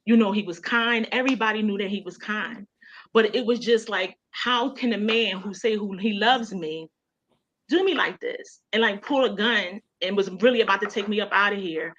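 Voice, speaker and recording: A woman's voice: medium pitch, fairly bright tone. A woman with a Baltimore accent telling a personal story as a guest on a radio show, emotional and conversational, full of "you know". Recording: dull lo-fi sound.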